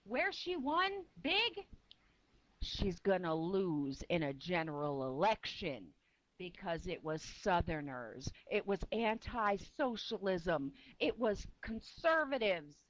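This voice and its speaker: A woman's voice: on the low side, expressive, takes it slowly. Angry lo-fi woman ranting about politics. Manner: angry, profane, rhetorical questions. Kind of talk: heated political rant. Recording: dull lo-fi recording.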